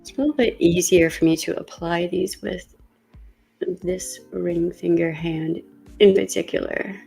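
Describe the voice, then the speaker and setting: A woman's voice: fairly low pitch, unhurried, creaky, mellow, husky, faint music behind. A woman vlogger chatting casually while doing her makeup, thinking aloud with fillers and coughing now and then as she gets over a cold. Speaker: beauty vlogger.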